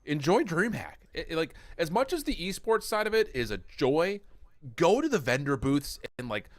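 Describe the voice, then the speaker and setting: A man's voice: on the high side, sing-song, moderate pace, dry recording. Male esports co-caster, casual and joking, rambling delivery, dry booth sound. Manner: chatty, jokey, rambling with fillers.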